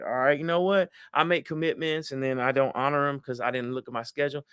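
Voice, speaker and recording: A middle-aged man, giving lively motivational advice to an audience and acting out voices. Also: on the high side, brisk, few pauses, smooth, no echo, studio quality. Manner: animated, acts out quoted voices, addresses audience as y'all. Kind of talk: motivational talk to a live audience.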